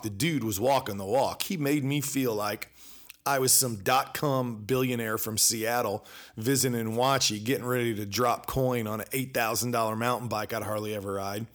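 A man tells a rambling personal story on his podcast in a middle-pitched, ordinary voice. He is loose and conversational, and he leans into the retelling by playing out both sides of the exchanges. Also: fairly bright tone. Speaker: podcast host. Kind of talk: casual storytelling monologue.

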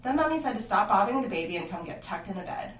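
Woman reading a creepy bedtime-style horror story, expressive, echoey and a bit far from the mic. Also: mid-range voice, very fast, slight background noise. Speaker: narrator. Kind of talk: storytelling narration. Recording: roomy, distant mic, faint ambience.

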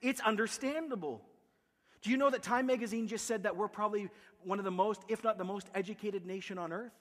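Canadian male pastor, high pitched, passionate sermon delivery, echoing sanctuary. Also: fairly quick. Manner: impassioned, builds with repeated rhetorical questions. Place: church sanctuary.

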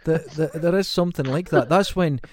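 A man co-hosting a podcast, chatting in a relaxed, matter-of-fact way and swearing casually. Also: fairly high pitch, brisk, no echo, clean studio sound. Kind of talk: casual chat.

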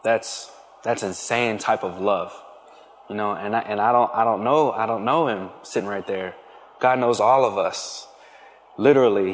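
A young man speaking to an audience, giving a casual faith testimony full of fillers and restarts. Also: fairly low pitch. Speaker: guest speaker. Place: hall with an audience. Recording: reverberant hall.

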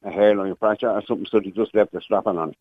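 An Irish man in his sixties calls in to a radio show over a muffled phone line, with a little background noise. His fairly low, steady voice moves quickly as he rambles through a long story, performing the voices of the people in it.

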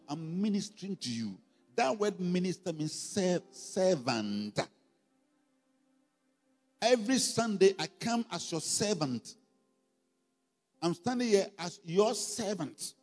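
A pastor with a Ghanaian accent preaches in a church hall, his high, slightly mellow voice emphatic as he fires call-and-response questions at the congregation. The recording carries long hall reverb with faint music underneath.

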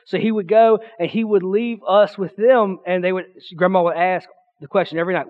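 A young man giving a youth pastor's sermon in a church, a loud, excitable talker who rambles with restarts and acts out the voices in his stories. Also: high-pitched, fairly quick, phone-quality sound. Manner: chatty storytelling with restarts, acting out quotes. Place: church sanctuary.

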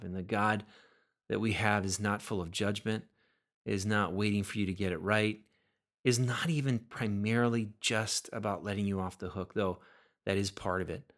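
An earnest male preacher with a slightly low voice delivers a sermon. He often repeats words and restarts his sentences as he works toward each point. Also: fairly bright tone. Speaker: pastor.

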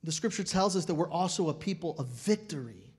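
A middle-aged male pastor preaching a sermon, telling stories with dramatic swings from loud declarations to hushed, quiet moments. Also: on the high side, expressive, fairly quick, slightly rough.

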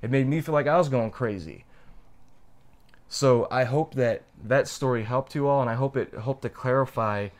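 A young adult podcast co-host shares a story from his life, sounding heartfelt and introspective. His voice is mid-range, and he deliberately slows to stress what's important.

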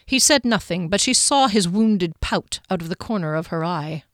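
A woman reading a fantasy novel aloud in measured scripted narration, lightly voicing the characters. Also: fairly low pitch, lively intonation, a bit bright, no room sound, clean studio sound. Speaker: audiobook narrator.

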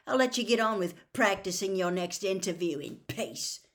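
Lady doing sulky teen boy, quiet and sarcastic, kinda hurt. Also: mid-range voice, expressive, normal speed, natural voice.

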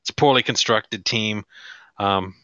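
A man's voice: lowish voice, measured pace, bright, forceful tone, no room sound, muffled recording. A man co-hosting a sports podcast, giving blunt, critical opinions in casual talk. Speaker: podcast co-host.

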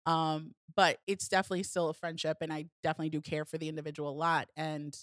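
A young woman co-hosting a podcast, talking casually in an animated, sassy way and telling a story with many restarts. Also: deep voice, fast talker, no echo, clean studio sound. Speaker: podcast co-host.

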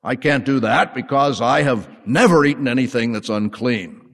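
A man's voice: medium pitch, moderate pace, a bit bright. A man voicing an earnest male apostle who protests and pleads, in the middle of a sermon. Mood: protesting. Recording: long hall reverb.

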